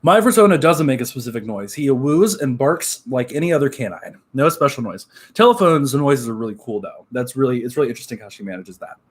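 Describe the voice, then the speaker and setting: A man's voice: mid-range voice, animated, brisk, hardly any pauses, slightly rough. A young man from Texas, chatting casually to his live stream chat and telling a story with many fillers and asides. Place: at home.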